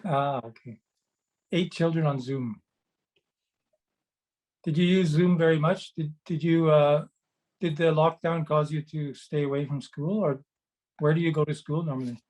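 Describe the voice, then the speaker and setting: A middle-aged man talking over a video call in a slightly high voice. He rambles gently through stories, full of "uh" and "you know" and little restarts. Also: steady tone, measured pace, long pauses, low-quality recording. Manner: rambling, warm anecdotes with many fillers and restarts. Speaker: children's book author and meditation host. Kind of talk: casual storytelling chat.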